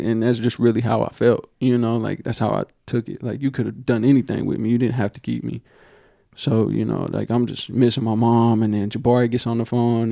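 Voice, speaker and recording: A man's voice: medium pitch, gravelly, dark tone, dry recording, clean studio sound. A young man, co-hosting a casual podcast and telling a heartfelt personal story full of slang and fillers. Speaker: podcast co-host.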